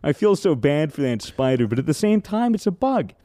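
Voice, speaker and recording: A young man hosting a podcast, telling an animated, profanity-laced story in casual chat. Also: on the high side, brisk, no echo, studio quality. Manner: animated storyteller, swears freely. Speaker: podcast host.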